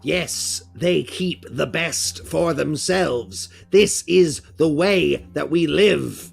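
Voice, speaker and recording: A man voicing a blunt, hungry trogg, a brute who speaks in a flat, matter-of-fact way. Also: a little high, takes it slowly, vocal fry, slightly rough, faint music behind, exaggerated voice. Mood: deadpan.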